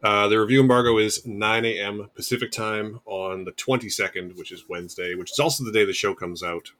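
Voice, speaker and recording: A man's voice: lowish voice, steady tone, brisk, a bit bright. A man hosting a podcast in casual chat, rambling and wry, often restarting his sentences. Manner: rambling, self-correcting, wry. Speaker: podcast host.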